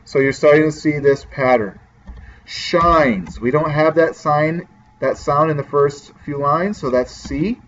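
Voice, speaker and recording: A man's voice: fairly high pitch, normal speed, highs cut off, slight background noise. Casual male teacher explaining poetry. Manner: casual, talks directly to students. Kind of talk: classroom lecture on poetry.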